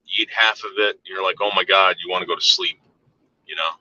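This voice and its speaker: A man's voice: low voice, steady tone, fast talker, bright, forceful tone, highs cut off. A man in casual chat, telling a story in a rambling, profane way with frequent repeated words and restarts.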